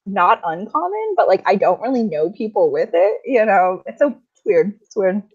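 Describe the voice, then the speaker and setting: Lively, chatty woman from Michigan. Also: mid-range voice, moderate pace, husky, highs cut off. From Michigan, USA. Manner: chatty, animated storytelling with frequent laughs. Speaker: co-host. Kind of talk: casual chat on a live stream.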